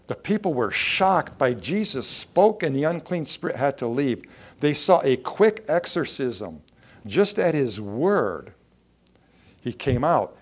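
A man's voice: medium pitch, very animated, unhurried. A male pastor preaching a sermon, quoting scripture and raising his voice for emphasis.

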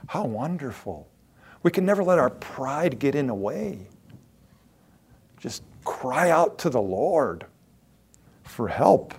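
With a breathy edge and an expressive, medium-pitched voice, this man preaches at a measured pace, leaving long pauses. Earnest and forceful, he moves from quiet asides to booming proclamations and repeats words to drive points home.

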